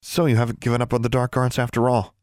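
A man reading an audiobook voices a defiant, curious schoolgirl witch, insistent and quick to retort. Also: mid-range voice, completely flat delivery, a little mellow, dry recording, clean studio sound, natural voice.

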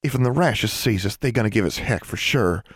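A man's voice: fairly low pitch, expressive, moderate pace, breathy edge, dry recording, studio quality. A man voicing a cautious, bossy schoolgirl who speaks in a folksy rural dialect. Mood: wary. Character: stern, cautious older schoolgirl sister.

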